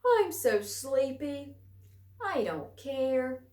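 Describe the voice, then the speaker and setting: A woman voicing a big, sleepy, gentle male bear in a storybook read-aloud, with a slow, drowsy drawl. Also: high-pitched, big pitch swings, voice pushed up, full character voice. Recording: roomy, far from mic.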